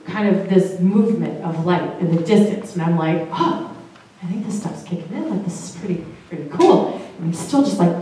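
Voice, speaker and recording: A woman's voice: fairly low pitch, darkish tone. A woman telling a personal story to a live audience in a casual, chatty way, laughing often and swearing now and then. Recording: very echoey room, voice far from mic.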